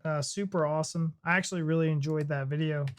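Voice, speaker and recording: Lowish-voiced American woman hosting a reaction. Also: fairly even intonation, fast talker. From United States. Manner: bubbly, laughing, chatty. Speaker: reaction channel host. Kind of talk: casual reaction chat.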